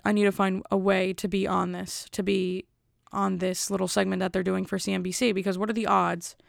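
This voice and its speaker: A woman's voice: medium pitch, vocal fry, no echo, clean studio sound. A young woman casually telling a rambling story, full of fillers and exasperation. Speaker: vlogger.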